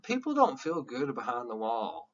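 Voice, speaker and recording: A male instructor giving a recorded classroom lecture in a loose, animated style, wandering into candid, jokey asides now and then. The sound is a little dull and lo-fi, as if recorded in a classroom. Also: medium pitch, moderate pace. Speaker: college psychology instructor.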